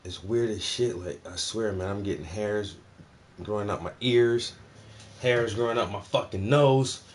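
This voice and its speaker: A man's voice: fairly low pitch, unhurried, a little hiss or hum. A man hosting a painting stream, chatting casually and cursing while he paints. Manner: laid-back, profane muttering. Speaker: painting host.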